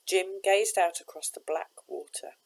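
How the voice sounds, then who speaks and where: A woman, a teacher, reading a children's novel aloud with steady, expressive narration. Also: fairly low pitch, a little slow, vocal fry, poor audio.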